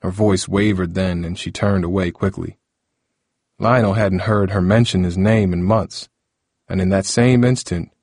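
A man narrating an audiobook in a steady, even storytelling voice. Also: low-pitched, dry recording, clean studio sound.

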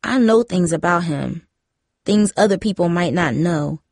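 A woman's voice: lowish voice, expressive, unhurried, creaky, darkish tone, no room sound, clean studio sound, exaggerated voice. A woman voicing a prying teenage girl who presses insistently. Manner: insistent, needling.

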